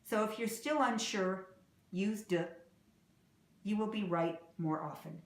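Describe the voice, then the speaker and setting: A woman teaching English pronunciation, saying example words slowly and clearly and repeating them. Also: mid-range voice, roomy sound. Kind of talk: slow, deliberate pronunciation lesson.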